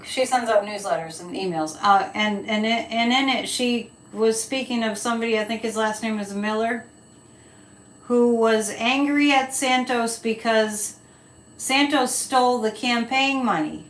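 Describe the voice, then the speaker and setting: A woman's voice: on the high side, measured pace, distant mic. A woman hosting a casual live stream, chatty and opinionated, rambling as she answers viewer comments. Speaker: psychic livestream host. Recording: echoey room, voice a bit off-mic.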